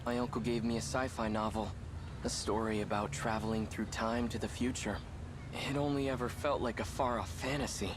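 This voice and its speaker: A man's voice: fairly low pitch, fairly even intonation, brisk, noisy background, natural voice. An actor voicing an earnest young man displaced from 1945, speaking in a pleading, sincere way in a video game. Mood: wistful.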